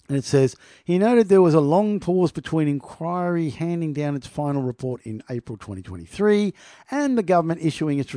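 A man's voice: medium pitch, warm tone, dry recording, studio quality. A middle-aged man reading news aloud and mocking it, laughing often and talking to his listeners. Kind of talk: sarcastic commentary on news.

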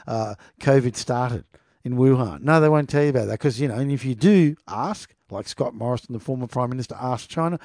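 A man's warm, mellow voice carries casual, sarcastic commentary as he reads the news aloud. He laughs easily and trips over technical words. The sound is dry and close, with no room around it. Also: mid-range voice, a little fast, creaky, no echo.

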